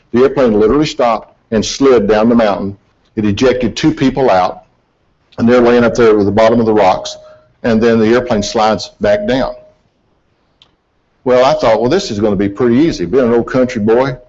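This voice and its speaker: A middle-aged man tells an audience about an accident investigation in a relaxed, folksy, self-deprecating way. His voice sits low, and the recording is dull and lo-fi. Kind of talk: presentation to an audience.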